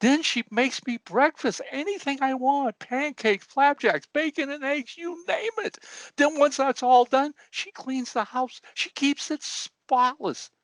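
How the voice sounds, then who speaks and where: A man voicing a weepy, forgetful elderly man in a told joke, in a high quavering whine. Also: unhurried, fairly bright tone, no echo. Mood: woeful whine.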